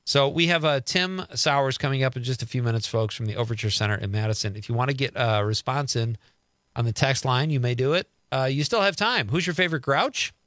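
A man's voice: mid-range voice, fairly quick, fairly bright tone, no room sound, clean studio sound. A middle-aged man hosting a radio show, chatting casually as he reads listener texts aloud and riffs on each one.

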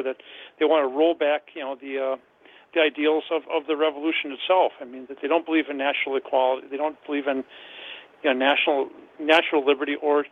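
A man calling in to a radio show, giving his opinion haltingly with many restarts. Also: a little high. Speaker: caller. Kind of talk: call-in opinion. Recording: tinny phone line.

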